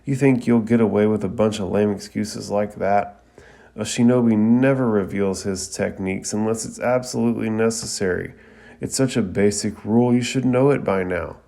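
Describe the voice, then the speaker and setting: A stern old-school talking tortoise, done by a man in a low, gravelly, dark voice. It lectures and scolds with a firm, disapproving edge. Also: normal speed. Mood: stern scolding.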